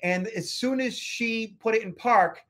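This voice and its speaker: A man's voice: extremely high pitch, unhurried, bright, forceful tone. A man from the Boston area hosting a podcast, telling a story casually with lots of fillers and restarts. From Boston area, USA. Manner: chatty, many fillers and restarts. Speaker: podcast host, security expert.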